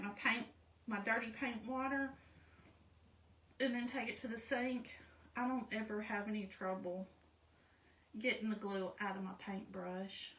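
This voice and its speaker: Her voice sits fairly high and a touch bright as she chats through her crafting how-to, explaining each step and making fun of herself. She's recorded far from the mic in an echoey room, slightly off-axis.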